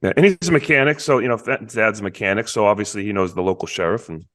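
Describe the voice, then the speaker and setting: Low-voiced, halting podcast co-host man. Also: a bit bright. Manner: enthusiastic, halting, repeats words. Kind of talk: casual movie review chat.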